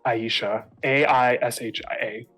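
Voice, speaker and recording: Guy running a tabletop rpg, easygoing chatty narration, mid pitch, faint music behind. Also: fairly even intonation, measured pace, fairly bright tone. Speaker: game master.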